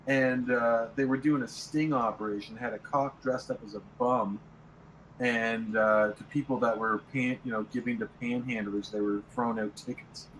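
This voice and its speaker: A man telling a relaxed anecdote in casual conversation. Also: mid-range voice, moderate pace, a little hiss or hum, poor audio. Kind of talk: casual chat.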